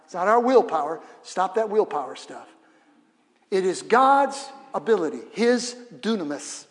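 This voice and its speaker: A male pastor preaching a sermon in a church, energetic and humorous, leading the congregation in call-and-response. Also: high-pitched, measured pace. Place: church sanctuary. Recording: long reverb of a church hall.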